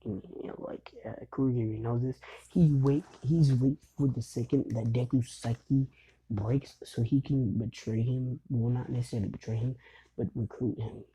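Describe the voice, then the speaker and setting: A man's voice: medium pitch, steady tone, moderate pace, dark tone, breathy edge, poor audio. A young man casually retelling a fan story in a rambling way, full of fillers and "he's like".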